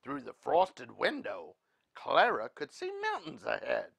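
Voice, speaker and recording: Gravelly slow-reading male storyteller. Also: mid-range voice, no room sound, studio quality. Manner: animated, expressive reading.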